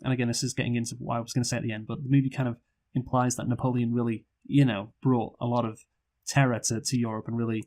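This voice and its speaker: A man in relaxed conversation about a film, his speech full of "you know" and "like", stumbling restarts, and the odd curse. His pitch sits in an ordinary middle range for a man. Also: fast. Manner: rambling, profane, lots of fillers and restarts. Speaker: podcast co-host, film reviewer. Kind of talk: casual review chat.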